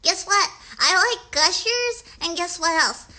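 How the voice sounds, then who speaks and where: A woman playing a little girl puppet, chatty, hesitant, slow, very bright. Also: very high voice, lively intonation, heavily acted. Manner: rambling, hesitant, talks straight to young viewers. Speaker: puppet show host. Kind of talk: children's puppet livestream.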